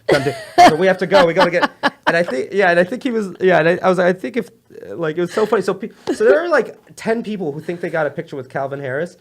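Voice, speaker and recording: Fast-talking animated young man. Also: high voice. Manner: animated, rambling, laughs often. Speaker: comedian guest. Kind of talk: casual storytelling chat.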